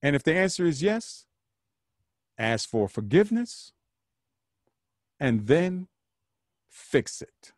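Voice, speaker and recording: Earnest man with a lively, animated voice. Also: mid-range voice, no room sound, clean studio sound. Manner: earnest, preachy, repeats phrases for emphasis. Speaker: podcast host. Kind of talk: solo podcast monologue.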